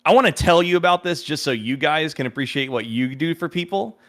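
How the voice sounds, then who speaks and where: A man tells a story in a relaxed podcast conversation, putting on voices for the people in it. His voice is bright and sits a little high. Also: fairly quick. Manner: animated storyteller who acts out quotes. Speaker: podcast guest. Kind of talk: casual storytelling.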